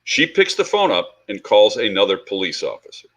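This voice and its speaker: A man's voice: lowish voice, brisk, husky. A middle-aged man, a police instructor on a panel, recounting a personal story and acting out the quoted dialogue. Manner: animated storyteller who acts out quoted dialogue.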